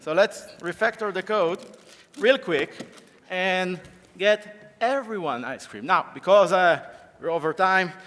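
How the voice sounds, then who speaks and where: Brief: male conference speaker, high and slow-paced, playful, laughs a lot, roomy hall sound with crowd. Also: fairly bright tone. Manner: playful, laughing often, directing volunteers. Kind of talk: live coding talk on stage. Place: conference stage. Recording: echoey conference hall with audience.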